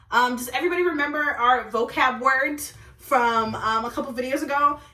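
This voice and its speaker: A young woman, a vlogger, telling a dating story in a casual, animated way, jumping between loud exclamations and low asides. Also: normal speed, few pauses. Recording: roomy, from a distance.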